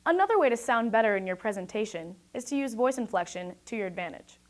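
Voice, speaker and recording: A young woman giving a scripted talk about presentation skills, speaking in a clear, projected and deliberate way. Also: a little high, animated.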